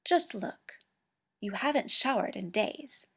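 A woman voicing a cool, aloof government man who speaks in a measured, clinical way. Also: medium pitch, expressive, breathy edge, full character voice.

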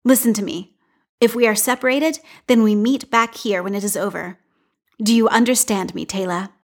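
A woman's voice: mid-range voice, fairly even intonation, moderate pace, close to an everyday voice. A woman voicing a firm mother speaking urgently with fear under it. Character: fearful, urgent mother of a young girl.

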